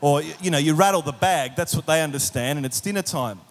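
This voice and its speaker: A man preaching a sermon in an animated way, with humorous asides and acted-out voices. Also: on the high side, a little fast, in a large hall. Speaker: pastor.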